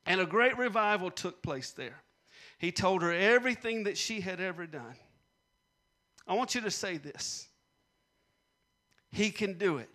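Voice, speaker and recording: Bright high-voiced preaching pastor. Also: male voice, animated, moderate pace. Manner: preaching with repeated punchlines and call-and-response. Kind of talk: sermon.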